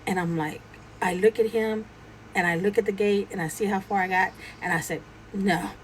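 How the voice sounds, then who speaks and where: A woman's voice: mid-range voice, normal speed, slight background noise, poor audio. A woman casually telling a true ghost story, acting out the dialogue as she goes. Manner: animated retelling, acting out quoted dialogue.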